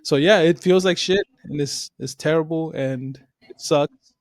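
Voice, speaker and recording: A man, chatting casually on a podcast and telling stories with animated, acted-out quotes. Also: on the high side, measured pace, no room sound, studio quality. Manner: animated storytelling, swears freely, acts out quoted voices. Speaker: podcast co-host.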